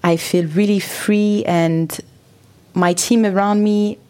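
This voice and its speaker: Mellow-voiced woman musician, word-searching. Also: mid-range voice, steady tone, takes it slowly. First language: not English. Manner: searching for words, frequent fillers. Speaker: musician guest. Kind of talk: casual interview chat.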